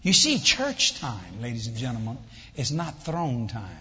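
A husky, medium-pitched voice belongs to an older man preaching a little slowly to a congregation in a church hall. He acts out voices and jokes with the audience as he tells animated stories. A long reverb tail trails his words, and the highs are cut off.

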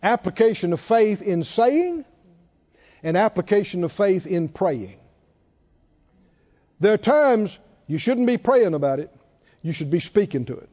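A man preaching with a high, very lively voice that leaps up and falls away as he stresses single words. His tone is mellow and dark, and he takes his time. The sound is dull and lo-fi, with a long hall reverb behind him. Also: measured pace, pauses often. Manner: emphatic, repeats and stresses words, rises and drops sharply. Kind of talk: sermon.

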